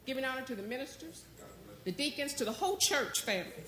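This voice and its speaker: A woman preaching a sermon as a guest speaker in church, calling out to the congregation and building toward near shouting. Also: sits high, expressive, fast talker, crowd noise. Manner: call-and-response preaching, rising to near shouting. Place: church sanctuary. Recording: echoey church hall.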